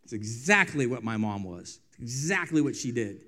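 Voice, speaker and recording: A mid-range male voice with lively intonation belongs to a pastor giving a sermon, alternating loud, emphatic moments with hushed ones, using drawn-out phrasing and repeated refrains.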